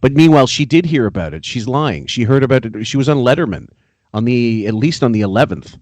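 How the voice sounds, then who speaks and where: A man's voice: medium pitch, animated, quick pace, darkish tone, no room sound. A man co-hosting a podcast, ranting and mocking in casual, profane commentary. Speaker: podcast co-host.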